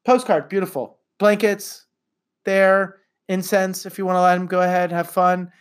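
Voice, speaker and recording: A middle-aged man chatting casually on a podcast, animated and quick to laugh, with some swearing. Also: high voice, clean tone. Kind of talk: casual chat.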